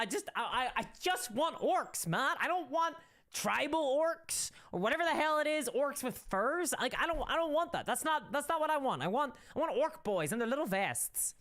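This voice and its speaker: Woman streamer, casual stream commentary, ranting, opinionated, restarts a lot, very lively pitch. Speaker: streamer reading chat.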